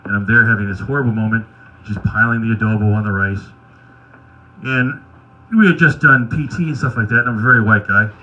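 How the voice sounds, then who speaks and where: A man doing stand-up, telling wry, crude anecdotes in a deadpan way. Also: on the low side, fairly quick, dull audio. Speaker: stand-up comedian. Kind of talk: stand-up storytelling at an open mic.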